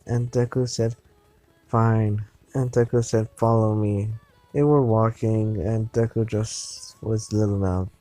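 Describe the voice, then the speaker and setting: Brief: slow, hesitant man narrating a homemade story, mellow tone, faint music behind. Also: medium pitch, no room sound, low-quality recording. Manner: halting, with restarts and repeated words. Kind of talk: improvised fan-fiction narration.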